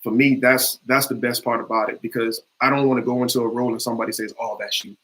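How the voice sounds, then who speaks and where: A man's voice: mid-range voice, level tone, quick pace, a bit bright, low-quality recording. A man, an actor, talking earnestly about his roles in a casual interview, with many fillers and restarts. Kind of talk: conversational interview.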